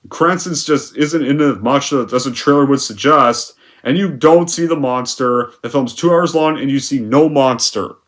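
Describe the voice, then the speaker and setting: A man's voice: mid-range voice, fairly bright tone. A young man giving a rambling, profane movie review rant, full of restarts and fillers. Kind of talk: ranting film review.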